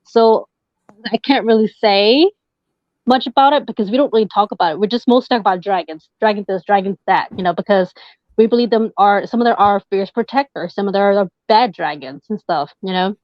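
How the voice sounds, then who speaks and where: A woman's voice: medium pitch, brisk, no echo. A woman, a tarot reader, talking casually and hesitantly as a podcast guest. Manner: hesitant, many fillers. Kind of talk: casual interview chat. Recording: dull dry lo-fi sound.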